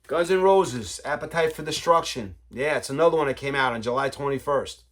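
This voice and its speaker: A man hosts a casual vinyl collector's vlog, rambling along with easy enthusiasm. His voice sits at an ordinary middle pitch. He pads his talk with friendly fillers like "you know, man.". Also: fairly quick, a bit bright. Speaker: vinyl collector, channel host.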